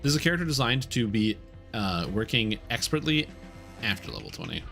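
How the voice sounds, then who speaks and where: A man's voice: medium pitch, expressive, a little fast, vocal fry, sharp tone, soft background music. A man streaming a game, chatting candidly and explaining things as he plays. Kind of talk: casual gameplay commentary.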